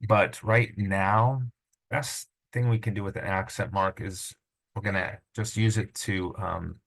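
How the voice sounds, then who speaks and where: Low gravelly man teaching Greek sounds. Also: steady tone, poor audio. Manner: patient, informal, sounds out words slowly. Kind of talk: recorded lesson on pronunciation.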